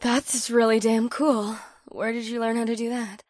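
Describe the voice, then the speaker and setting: A woman's voice: a little high, level tone, moderate pace, a little mellow, no room sound, studio quality, lightly acted. A woman voicing a blunt, outspoken young student who sounds shaken. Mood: amazed.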